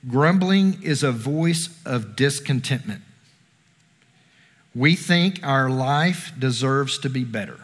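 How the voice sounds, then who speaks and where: A man's voice: medium pitch, expressive, takes it slowly. A man preaching a conversational sermon, asking the congregation questions. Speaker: pastor. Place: church sanctuary. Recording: long reverb of a hall.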